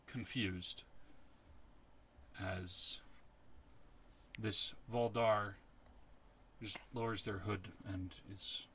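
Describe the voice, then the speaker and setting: A man narrating a tabletop game as its game master in a slow, measured way. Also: fairly low pitch, steady tone, bright, forceful tone, slight background noise.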